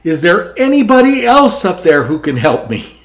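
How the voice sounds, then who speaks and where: A priest telling a joke, voicing a panicked man dangling from a cliff who yells and pleads for help. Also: mid-range voice, animated, unhurried. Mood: frantic. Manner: yelling, frantic pleading.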